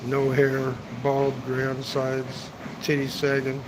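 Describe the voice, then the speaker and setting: A travel vlogger's medium-pitched voice comes out monotone and slow as he livestreams from a hotel rooftop's outdoor seating area. The background is noisy, and his casual talk rambles and includes swearing, with "man" capping off his sentences.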